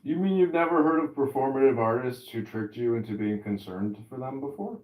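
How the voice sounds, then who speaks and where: A man hosting a podcast in a casual chat, an animated storyteller who swears freely. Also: mid-range voice, brisk. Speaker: podcast host. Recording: roomy, distant mic.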